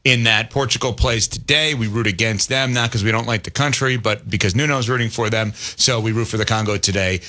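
Very bright-voiced male sports show host. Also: fairly low pitch, brisk, hardly any pauses. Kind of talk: sports talk show banter.

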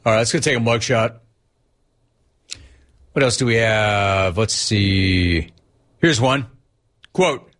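Sarcastic, animated sports radio host. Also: male voice, mid-range voice, slow, long pauses. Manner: animated, sarcastic, reads listener messages. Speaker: sports talk show host.

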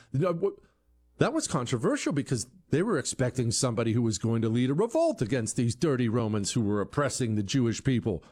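A man's voice: mid-range voice, big pitch swings, quick pace, darkish tone. A man giving an opinion monologue, asking rhetorical questions and acting out quoted voices, often repeating words as he restarts. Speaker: commentary show host.

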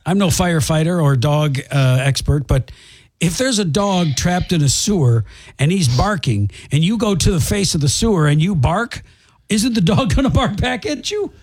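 A man with a fairly high, husky voice that swings up and down a lot as he jokes his way through a radio show. He reads odd news items and riffs on them in loose, wry banter with his co-host. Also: lively intonation, moderate pace, darkish tone.

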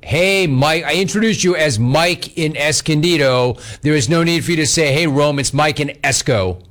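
A man's voice: a little high, moderate pace, fairly bright tone. A man hosting a talk radio show, taking callers with brash, teasing banter.

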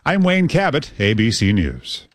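A male news anchor reads the headlines in a crisp, measured way. His pitch rises and falls a lot from line to line. The sound is dry and close, with no room around it. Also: huge pitch swings, no room sound. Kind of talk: newscast reading.

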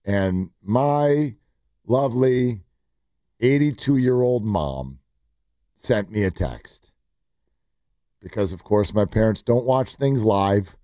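Animated sports radio host, dry studio. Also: male voice, lowish voice, takes it slowly, pauses often, dry recording. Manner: animated storytelling with quoted asides. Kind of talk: sports talk radio chat.

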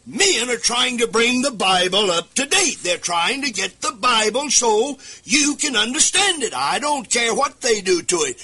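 A man delivering a radio sermon at a desk microphone, his voice high and piercingly bright with a husky edge. He preaches fervently in a rising singsong, swinging his pitch widely and breaking into sudden shouts.

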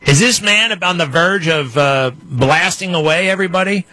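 A man's voice: high-pitched, moderate pace, pushed and bright, dry recording. A man giving casual, skeptical commentary as he plays and talks back at clips. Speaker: commentator host.

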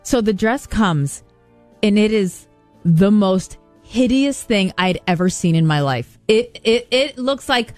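A woman co-hosting a radio show, telling a story in an animated, self-mocking way. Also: medium pitch, slow, no echo, faint music behind. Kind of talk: casual radio banter.

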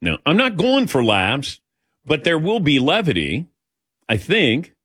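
A middle-aged male radio host chats with callers in a casual, rambling, self-deprecating way. His pitch rises and falls a great deal as he talks. The studio sound is close and dry. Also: wildly swooping pitch, unhurried, a bit bright, husky, no room sound. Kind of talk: casual talk radio chat.

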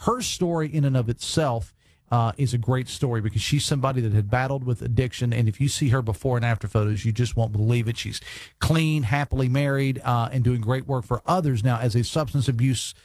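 A man's voice: medium pitch, fairly quick, a little mellow, no room sound. A man hosting a live radio talk show, chatty with lots of fillers and restarts. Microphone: studio microphone.

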